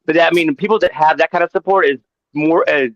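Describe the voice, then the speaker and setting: A man's voice: on the high side, fairly quick, no room sound, lo-fi sound. A man speaking candidly and a bit ramblingly in a casual podcast chat.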